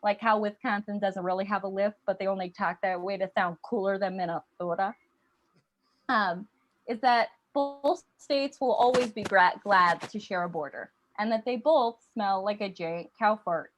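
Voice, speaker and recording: A woman's voice: medium pitch, moderate pace, a little hiss or hum. A young woman performing a stand-up comedy set, chatty and self-deprecating, with frequent ums. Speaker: stand-up comic.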